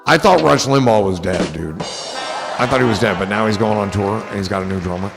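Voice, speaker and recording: A man's voice: on the low side, fairly quick, vocal fry, in a large hall, music in the background, crowd noise. A man hosting a casual livestream, rambling in a goofy, profane way to his chat. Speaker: livestream host.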